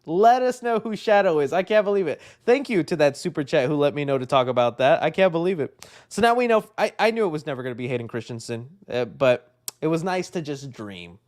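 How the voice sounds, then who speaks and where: A young man hosting a live movie news stream, chatting casually with an excitable, rambling manner and constant "dude" asides. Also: on the high side, brisk. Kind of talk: casual livestream chat.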